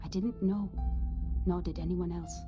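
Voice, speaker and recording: A woman narrating a video game's story in a quiet, measured, solemn tone. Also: fairly low pitch, fairly even intonation, lo-fi sound, lightly acted. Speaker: game narrator. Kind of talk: scripted narration. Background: music.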